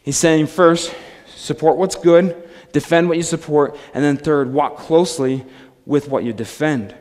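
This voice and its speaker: A man's voice: fairly high pitch, measured pace, darkish tone. A man in his thirties, a pastor preaching a sermon in a conversational, self-deprecating way with frequent asides. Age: 30s. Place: church sanctuary. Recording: long hall reverb.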